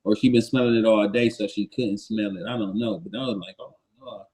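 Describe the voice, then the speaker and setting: A man's voice: lowish voice, fairly even intonation, fast, darkish tone, husky, rough recording. A man co-hosting a casual live-stream chat, telling stories bluntly and with plenty of swearing. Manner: blunt, profane storytelling. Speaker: co-host.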